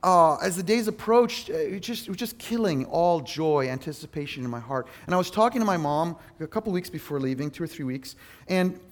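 A male pastor preaching a sermon, earnest and self-deprecating, telling personal stories in an animated way. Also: on the high side, fairly quick.

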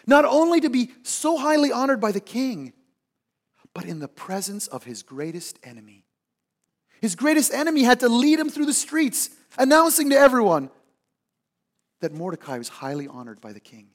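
A man preaching a sermon and telling a personal story, moving from loud emphasis to hushed asides and acting out the people in it. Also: very high-pitched, sing-song, moderate pace. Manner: acts out the people in his stories. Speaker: pastor.

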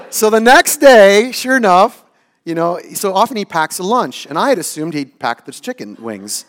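Animated, laughing middle-aged pastor. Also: male voice, high voice, normal speed. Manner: animated, self-mocking, laughs often. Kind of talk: sermon with personal story.

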